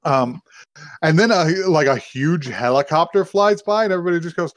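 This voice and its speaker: A man's voice: a little high, expressive, brisk, dry recording. A man co-hosting a podcast, casually and profanely retelling an anime episode, slipping into characters' lines as he goes. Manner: loose and profane, acts out characters' lines mid-story. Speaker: podcast co-host. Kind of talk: casual chat recapping an anime.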